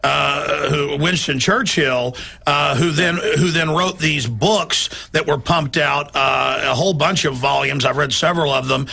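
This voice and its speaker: Gravelly bright-voiced radio host. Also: male voice, fairly high pitch, a little slow, hardly any pauses. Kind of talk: talk radio interview. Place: radio studio.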